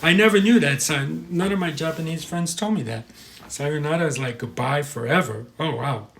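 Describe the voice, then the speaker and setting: A man's voice: fairly high pitch, normal speed, vocal fry, fairly bright tone, a little hiss or hum. Chatty American man hosting a live stream. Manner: rambling, chatty, stumbles over pronunciations. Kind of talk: casual live-stream chat reading comments.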